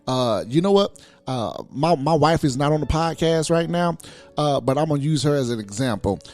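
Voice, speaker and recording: A man's voice: a little high, expressive, moderate pace, a little mellow. A man co-hosting a podcast in casual, slangy chat, telling stories and laughing often. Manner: laughing, storytelling, loose slangy talk. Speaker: podcast co-host; boss at work, married father.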